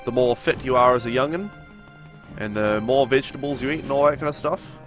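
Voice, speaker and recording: Soft music plays behind a young man who sounds nasal and has a sore throat. He speaks briskly in a mid-range voice, chatting casually while he streams a game and responds to his viewers.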